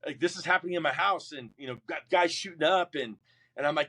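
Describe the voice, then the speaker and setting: Fast and a bit high, with a breathy edge, this middle-aged man is a Marine veteran guest narrating his life in an interview. He performs others' voices energetically and keeps restarting his sentences.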